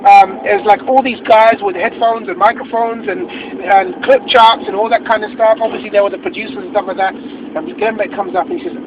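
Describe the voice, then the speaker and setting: A man telling an animated story from the passenger side of a car, acting out quotes and restarting his sentences as he goes. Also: sits high, fairly quick. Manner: excitable, acts out quotes, many restarts. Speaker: interviewee. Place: inside a moving car. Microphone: phone. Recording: muffled phone recording with road noise.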